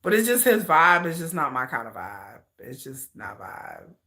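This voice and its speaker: A woman chatting casually on a livestream, her low voice swinging widely up and down. She talks in a bright, forceful, slangy way and often breaks into laughter. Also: very animated, normal speed. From United States. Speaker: livestream host. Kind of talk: casual chat.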